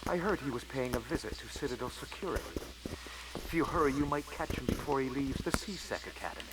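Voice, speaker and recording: An actor voicing a polite, scheming male alien financial agent in a video game, speaking in a courteous, formal, flattering way. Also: medium pitch, quick pace, natural voice. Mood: smooth formal. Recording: noisy game audio capture.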